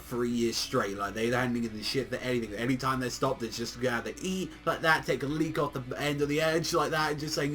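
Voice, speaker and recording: An excitable young man rambles through an anime review in loose, slangy speech. He swears freely and fills his sentences with "like". His pitch sits in an ordinary middle range for a man. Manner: excitable, slangy, swears often, heavy use of "like". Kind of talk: casual video review.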